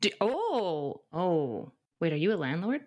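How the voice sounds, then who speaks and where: A woman co-hosting a call-in dating show, bantering with deadpan teasing. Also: lowish voice, a little slow. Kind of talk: casual streaming chat.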